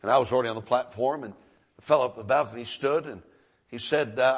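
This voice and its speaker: A man's voice: medium pitch, fast talker, slightly rough. A middle-aged male preacher telling a story in a sermon, folksy, often repeating and restarting his words.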